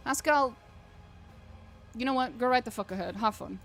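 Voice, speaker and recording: A woman's voice: fairly high pitch, moderate pace, pauses often, a bit bright, faint music behind. A woman streaming a game, joking and swearing casually as she reacts to the text. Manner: profane, joking, reads game text aloud. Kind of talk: casual gameplay commentary.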